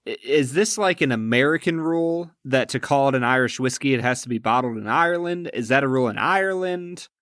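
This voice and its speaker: A man's voice: medium pitch, animated, a little fast, hardly any pauses, fairly bright tone, dry recording. Curious casual man co-hosting, dry sound. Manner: curious, loose and questioning. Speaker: podcast co-host. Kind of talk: casual podcast chat.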